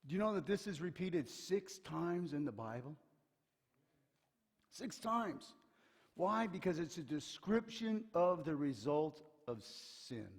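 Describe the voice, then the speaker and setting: Pastor preaching in a reverberant sanctuary. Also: male voice, on the high side, a little slow, few pauses, husky. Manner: lively storyteller who acts out quotes, often dropping to a hushed tone for emphasis. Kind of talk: sermon. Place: church sanctuary. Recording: long hall reverb.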